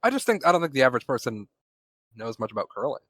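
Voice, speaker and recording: Laid-back man with a mid-pitched voice. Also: sing-song, fast talker, a bit bright, no echo. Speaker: podcast co-host. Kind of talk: casual chat.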